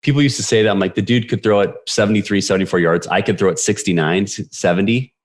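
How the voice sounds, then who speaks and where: Brief: very low-voiced man, forties, lively storyteller guest. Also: fast. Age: 40s. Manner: energetic, animated retelling with quoted voices. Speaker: podcast guest. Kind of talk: storytelling interview.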